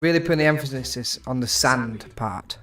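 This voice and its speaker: A man's voice: mid-range voice, moderate pace, bright, forceful tone, recorded from a distance. A British man streaming a strategy game and chatting with friends, joking and laughing often. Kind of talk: casual gaming chat with friends.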